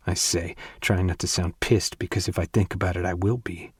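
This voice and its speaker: A man narrating a first-person romance audiobook with a soft, hushed, emotional delivery. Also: low voice, steady tone, normal speed, slightly rough, dry recording, studio quality.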